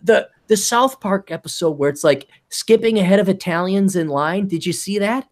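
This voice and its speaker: A man's voice: sits high, normal speed. A man hosting a podcast in casual, profane chat, often slipping into put-on voices. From American. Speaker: podcast host.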